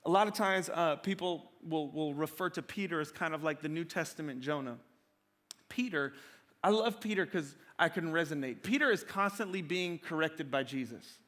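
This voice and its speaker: A man's voice: on the high side, normal speed, fairly bright tone. A middle-aged male pastor preaching a sermon in a conversational, slangy, joking storytelling way.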